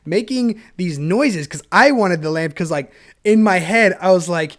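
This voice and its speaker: A man's voice: high voice, animated, measured pace, fairly bright tone. A young man hosting a solo podcast, talking in a chatty, self-mocking ramble and laughing often, recorded on a camera mic. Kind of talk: rambling casual monologue.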